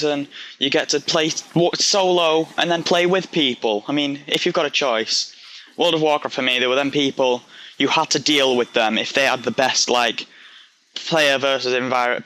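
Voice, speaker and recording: A young man from Yorkshire chatting over his gameplay footage in a Yorkshire accent. His voice is bright and forward, and he keeps wandering off onto tangents with a self-mocking humour, talking casually at a middling pitch. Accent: Yorkshire English. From Yorkshire, England. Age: young adult. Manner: rambling, self-deprecating, goes off on tangents. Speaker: gaming commentator. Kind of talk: casual game commentary.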